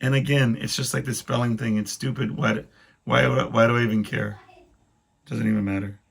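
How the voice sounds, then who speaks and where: A man's voice: medium pitch, fairly even intonation, normal speed, creaky, slightly rough. A man hosting a solo podcast, rambling casually through wry, self-deprecating complaints. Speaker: podcast host.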